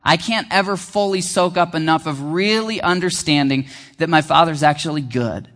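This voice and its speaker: A man preaching a sermon as pastor, earnest and conversational, slowing down to stress key phrases. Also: a little high, fairly bright tone, in a large hall.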